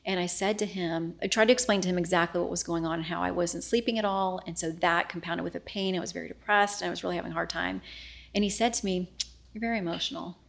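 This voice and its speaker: Low, gravelly middle-aged woman telling her story. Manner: earnest, frank, quoting herself and others in dialogue. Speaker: interview guest. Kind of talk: candid personal storytelling in an interview.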